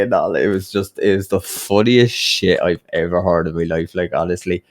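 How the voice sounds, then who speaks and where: Deep-voiced Irish man telling a sweary story. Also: normal speed, few pauses. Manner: animated, sweary anecdote-telling with acted-out quotes. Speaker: podcast guest. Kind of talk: casual podcast chat, storytelling.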